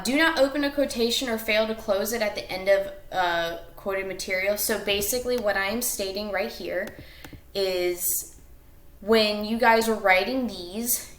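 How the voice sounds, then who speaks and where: A woman teacher explains a class lesson in a recorded video. She goes step by step, with some fillers and self-corrections. Her voice sits at a middle pitch and bounces around a roomy space.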